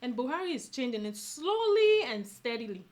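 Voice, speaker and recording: A woman's voice: sits high, big pitch swings, moderate pace, a little mellow. A woman co-hosting, reading listener emails aloud with mock seriousness and bursts of laughter.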